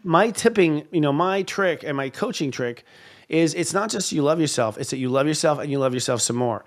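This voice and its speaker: A man's voice: a little high, animated, brisk. A man in his fifties hosting a casual spiritual talk show, speaking in a candid, confessional and emphatic way. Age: 50s.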